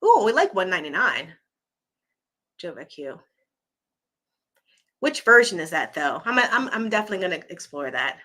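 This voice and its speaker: A woman's voice: fairly low pitch, sing-song, moderate pace, long pauses, bright, forceful tone. A woman hosting a casual live chat, chatty and encouraging, reading viewer comments and losing her voice. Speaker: livestream host.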